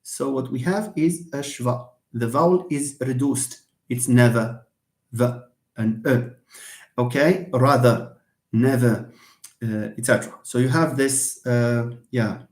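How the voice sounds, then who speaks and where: A man's voice: medium pitch, unhurried. Hesitant man teaching English. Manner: hesitant, repeats words, many fillers. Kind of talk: live online lesson. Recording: echoey room.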